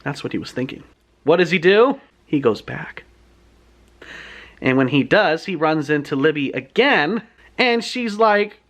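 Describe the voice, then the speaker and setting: A man retelling a book's plot in his own words, in a chatty, animated storytelling manner. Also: fairly high pitch, a little slow, long pauses. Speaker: book reviewer.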